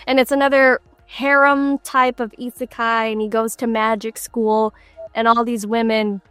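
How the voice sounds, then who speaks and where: Lively young woman, high voice. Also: clear, resonant tone, no echo. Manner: animated storytelling with frequent laughs. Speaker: voice actress guest. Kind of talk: casual interview chat.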